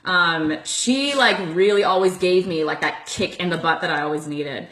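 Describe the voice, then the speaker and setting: Animated young woman, bright and echoey. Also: lowish voice, normal speed. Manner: animated, laughing storyteller with lots of "like". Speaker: host. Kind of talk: casual chat.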